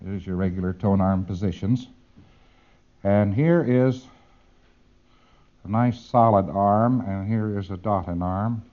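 A man's voice: on the low side, slow, pauses often, mellow, highs cut off. A man giving a demonstrative lecture, acting out exchanges with playful repetition.

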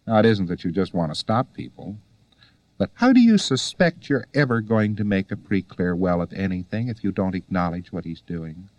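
A man's voice: low voice, very animated, moderate pace, darkish tone, no echo, muffled recording. A man giving a conversational lecture to students, full of rhetorical questions and wry asides.

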